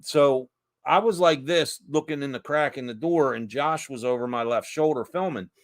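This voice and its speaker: A man's voice: mid-range voice, normal speed. A man in casual chat, carefully explaining what he saw on a ghost hunt, laughing often. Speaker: paranormal investigator co-host.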